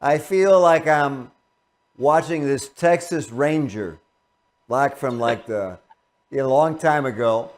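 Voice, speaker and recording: A man's voice: mid-range voice, takes it slowly. A male interview host who asks questions and pays rambling, effusive compliments. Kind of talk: casual interview talk.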